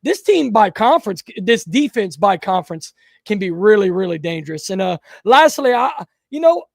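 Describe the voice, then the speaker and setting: A man's voice: high voice, sing-song, moderate pace, gravelly, dry recording, studio quality. A man, co-hosting a casual sports talk podcast, emphatic and repeating himself when fired up. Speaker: podcast co-host.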